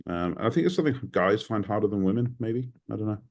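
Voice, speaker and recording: A low-pitched British man talking on a video call. He speaks casually and with energy, filling his sentences with ums and likes. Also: quick pace. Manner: animated, frequent ums and likes. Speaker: community member sharing advice.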